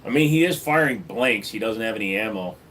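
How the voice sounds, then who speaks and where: A man's voice: lowish voice, lively intonation, brisk, fairly bright tone, a little hiss or hum. Chatty man live streaming at home. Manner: chatty, jokey, talks to his dog in a baby voice. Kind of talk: casual live stream chat.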